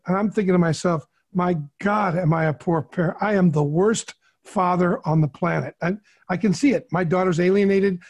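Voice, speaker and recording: A middle-aged podcast co-host shares a heartfelt personal story with candor and earnestness, often repeating his words. His voice is high and a little mellow.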